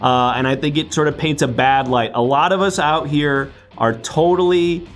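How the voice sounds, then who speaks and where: A man's voice: on the high side, fairly even intonation, normal speed, soft background music. A man in an improv comedy scene, talking in an earnest, defensive, bureaucratic way. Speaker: improv performer playing a wasteland official.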